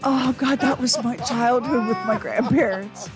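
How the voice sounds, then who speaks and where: Woman co-hosting radio, chatty, a bit high, faint music under. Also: a little slow. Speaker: radio co-host. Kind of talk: casual radio chat.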